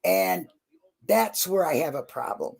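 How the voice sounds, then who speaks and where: A husky woman chatting on a livestream, her voice a little breathy. She is openly emotional and effusive, and blunt enough to swear when something bothers her. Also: deep voice, very animated, unhurried, a little mellow. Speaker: true crime channel guest. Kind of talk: casual livestream chat.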